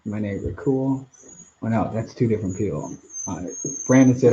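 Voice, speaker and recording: A man's voice: lowish voice, normal speed, mellow, lo-fi sound, a little hiss or hum. A man hosting a live stream Q&A outdoors, rambling casually as he reads out viewer comments. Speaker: channel host.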